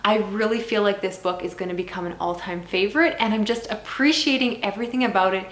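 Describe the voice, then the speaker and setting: A young woman vlogging about what she is reading, casual and animated, with strong reactions. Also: medium pitch, fast, echoey room. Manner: animated, exasperated ranting. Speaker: book vlogger.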